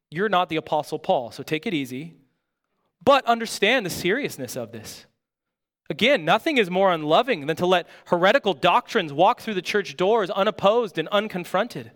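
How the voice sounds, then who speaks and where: Earnest man preaching, slightly high voice. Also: fairly bright tone. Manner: earnest, emphatic preaching with rhetorical questions. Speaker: pastor. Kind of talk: sermon.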